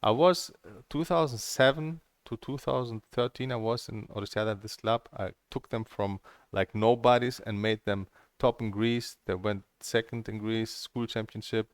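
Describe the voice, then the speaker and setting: A middle-aged table tennis coach gives a candid, rambling monologue full of stories and plans, swearing freely as he goes. His voice is on the low side, with a steady tone and normal speed, on a dry recording.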